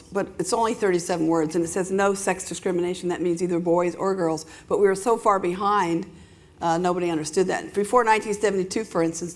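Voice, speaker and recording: A woman's voice: on the low side, a little mellow. An older woman being interviewed on stage at an awards event, playfully teasing and then speaking earnestly about the past. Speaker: interview guest.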